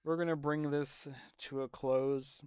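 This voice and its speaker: A man's voice: medium pitch, flat delivery, a little slow, a little mellow, smooth, no echo. A man co-hosting a casual podcast chat, rambling and laughing often. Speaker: podcast co-host. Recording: dull lo-fi mic.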